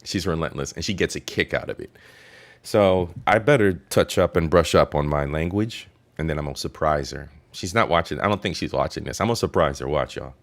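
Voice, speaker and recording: Man, very deep voice, playful chatty host, repeats words back. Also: a little fast, vocal fry. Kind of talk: casual reaction commentary.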